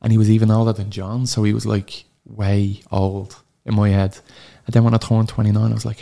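A man in his thirties with an Irish accent, a podcast guest telling an emotional personal story, halting and sorrowful, swearing freely. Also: on the low side, little pitch movement, vocal fry, warm tone. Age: 30s.

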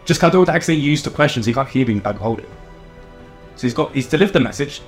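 Lively-voiced man playing a tabletop game. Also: mid-range voice, racing, faint music behind. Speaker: player. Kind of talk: casual tabletop game chat.

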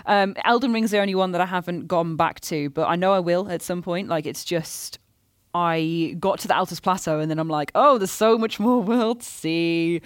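A woman's voice: fairly low pitch, fairly quick, few pauses, no room sound, clean studio sound. A woman co-hosting a live podcast on stage, chatting playfully and laughing often. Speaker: podcast co-host. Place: stage before a live audience.

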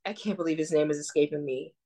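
A woman's voice: deep voice, steady tone, fast talker, dark tone. A woman co-hosting a podcast in casual chat, talking with enthusiasm and casual swearing. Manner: enthusiastic, chatty, profane. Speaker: podcast co-host.

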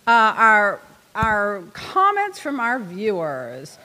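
A woman's voice: mid-range voice, wildly swooping pitch, extremely slow, pushed and bright, big-room sound. A woman hosting a podcast in a studio, chatting casually and laughing often as she tells stories. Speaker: podcast host. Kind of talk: casual chat.

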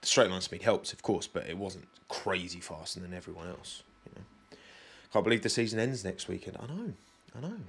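A man's voice: deep voice, brisk, vocal fry, slightly rough. A young British man with a British accent hosting a podcast, chatting loosely and directly to his live audience with plenty of self-deprecating asides. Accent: British English. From Britain. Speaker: podcast host. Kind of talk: casual solo chat with live chat.

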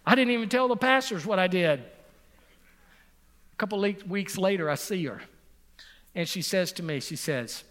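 A middle-aged male pastor preaches with an unusually high-pitched voice, stressing his points by repeating them and sometimes dropping to near-quiet. His voice rings out with a long reverb, as if in a big church sanctuary. He tells a personal story in plain sermon style. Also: expressive, unhurried, pauses often. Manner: emphatic, repeats phrases for effect, drops to a soft voice on key points.

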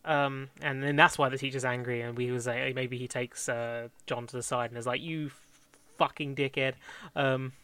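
A young man talks through script ideas in a loose, rambling way, often correcting himself and laughing. His voice is bright and forward, and the sound is close and dry. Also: mid-range voice, level tone, moderate pace, hardly any pauses, clear, resonant tone, no echo. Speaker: fan script co-writer. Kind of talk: casual planning chat.

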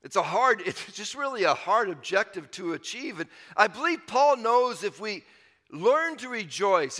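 A man's voice: high-pitched, sharp tone, big-room sound. A man preaching a sermon in an earnest, conversational way, repeating phrases and building to emphatic swells. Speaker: pastor.

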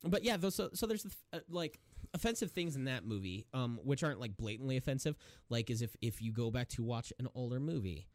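Young guy on a podcast, mid pitch, rambly, swears a lot, dry close mic. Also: expressive, a little fast, hardly any pauses, no echo. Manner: rambling, swears freely, laughs while telling a story. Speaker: podcast co-host. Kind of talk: casual chat, retelling a movie scene.

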